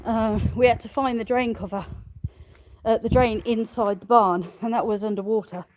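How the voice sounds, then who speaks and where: With a slightly high, steady voice at normal speed and a somewhat mellow quality, a woman who runs a smallholding vlogs cheerfully while walking her farm outside. She laughs often and speaks to her animals and viewers. The audio is poor, with slight background noise.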